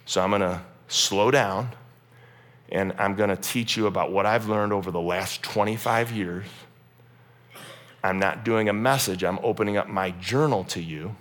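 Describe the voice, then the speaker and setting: A pastor in his forties preaching a humorous, animated sermon in a church. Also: fairly low pitch, moderate pace. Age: 40s. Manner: animated, humorous, acts out quotes.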